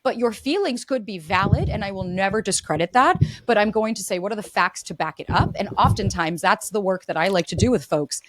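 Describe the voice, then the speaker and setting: A woman's voice: mid-range voice, lively intonation, fairly quick, hardly any pauses, a bit bright, a little hiss or hum. A woman relationship coach as a podcast guest, talking fluently and acting out sample dialogue, with frequent "like". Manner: fluent, uses "like" often, acts out example dialogue. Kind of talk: casual interview chat.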